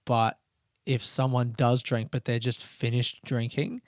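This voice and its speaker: A man hosting his own podcast, talking softly and quietly in his house late at night, rambling casually through stories. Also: medium pitch, flat delivery, unhurried, dry recording, clean studio sound. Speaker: comedian podcast host. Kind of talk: casual solo podcast chat.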